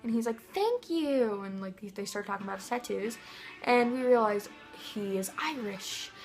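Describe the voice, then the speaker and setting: A young woman from Missouri telling a rambling, excitable vlog story, full of "like" and "um". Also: medium pitch, normal speed, vocal fry, faint music behind, low-quality recording. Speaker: vlogger.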